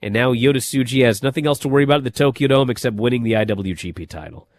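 A man hosting a casual wrestling chat, telling stories in an animated way with many fillers and restarts. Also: mid-range voice, racing, no echo. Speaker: wrestling podcast host.

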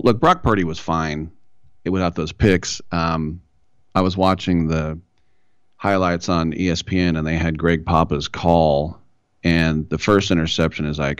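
A man's voice: low-pitched, steady tone, moderate pace, clean tone, dry recording. A man hosting a solo sports talk show, casual and opinionated with wry asides. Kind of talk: solo sports radio monologue.

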